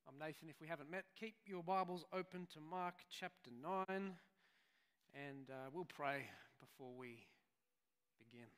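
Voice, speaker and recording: Man, preacher, high bright voice, conversational storytelling, reverberant church hall. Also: a little slow, clear, resonant tone. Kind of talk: sermon.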